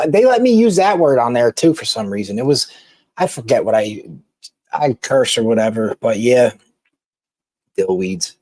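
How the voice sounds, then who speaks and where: A man talks loosely to his live-stream viewers, tripping over his words and starting sentences over. His voice sits at an ordinary middle pitch. The sound is dry and close, with no room echo. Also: dark tone. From Philadelphia. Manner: rambling, halting, with many restarts and laughs. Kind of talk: casual live-stream chat reading comments.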